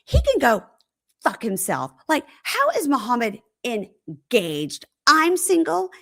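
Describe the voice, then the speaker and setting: A woman's voice: medium pitch, big pitch swings, moderate pace. A woman acting out a fed-up jilted woman. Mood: ranting. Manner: exasperated, dramatic retelling. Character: fed-up jilted woman ranting about men.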